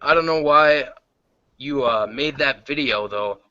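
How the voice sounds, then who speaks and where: A man on a podcast call weighs in hesitantly, with plenty of fillers. His voice is very bright and sharp, and the sound is dull and lo-fi. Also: medium pitch, unhurried, no room sound. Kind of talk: podcast argument.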